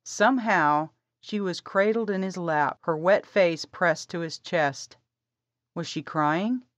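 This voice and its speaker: A woman narrating an audiobook in a calm, measured way. Her voice sits low and her pace is slow. The recording is dry and slightly dull. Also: no room sound. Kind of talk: scripted narration.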